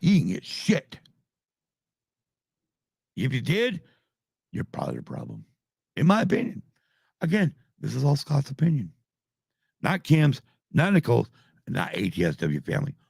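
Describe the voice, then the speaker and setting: Host in his 50s, husky and heated, profane live rant. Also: on the high side, big pitch swings, moderate pace, long pauses, a little mellow, no echo, clean studio sound. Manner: angry, swearing, heated. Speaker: podcast host.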